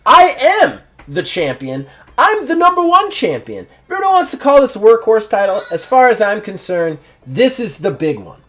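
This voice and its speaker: A man's voice: high voice, sing-song, normal speed, voice pushed up. A man playing a brash bragging champ. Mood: boastful. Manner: boastful, brash, loud. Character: cocky arrogant male wrestling champion, young adult.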